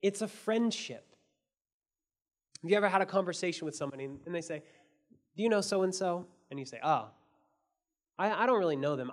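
A man preaching a sermon as pastor, earnest, asking his listeners questions and swinging between soft and emphatic delivery. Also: sits high, lively intonation, a little fast, pauses often. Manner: asks the audience many questions.

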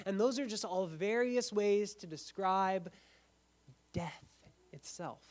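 A man with a notably high voice delivers a sermon. He swells into strong, emphatic lines and then drops almost to a hush to land his point. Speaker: pastor.

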